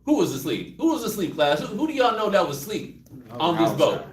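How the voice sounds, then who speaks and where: Animated Texan Bible teacher, high voice. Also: male voice, a little fast, a crowd in the background. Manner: animated, joking, acts out scenes. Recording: roomy, distant mic.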